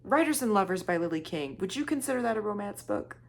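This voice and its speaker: A woman's voice: mid-range voice, animated, fast. A young woman talking casually in a book vlog, rambling off on tangents, joking at her own expense and sometimes dropping into a whisper for emphasis. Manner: chatty, rambling, self-deprecating, drops into whispers for emphasis. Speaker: book vlogger.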